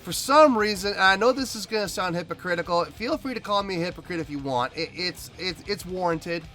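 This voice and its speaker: A man's voice: sits high, fairly quick, bright, forceful tone. A man hosting a music reaction video, talking emphatically and repeating himself as he rants.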